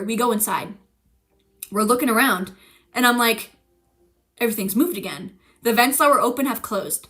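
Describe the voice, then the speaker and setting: Bright, animated young woman telling a story. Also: a little high. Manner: animated, profane, acting out quoted voices with laughs. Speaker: streamer. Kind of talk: casual storytelling on a chat stream.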